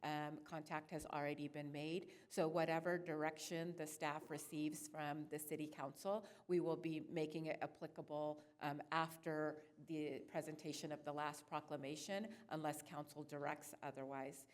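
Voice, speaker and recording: Woman clerk reading a council report, low steady voice, lots of ums and pauses. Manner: hesitant, many filler sounds. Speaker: city clerk. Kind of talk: presenting a staff report at a council meeting.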